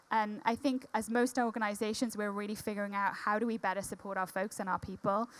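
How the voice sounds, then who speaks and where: A Welsh woman speaking as a panelist, answering questions with upbeat enthusiasm and a few fillers. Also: medium pitch. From Wales. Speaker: panelist, diversity executive.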